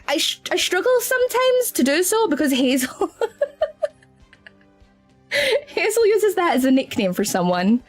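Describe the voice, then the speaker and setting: A woman with a Scottish accent chatting casually on a live stream as a VTuber, giggly, easily flustered and affectionate toward her viewers. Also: high voice.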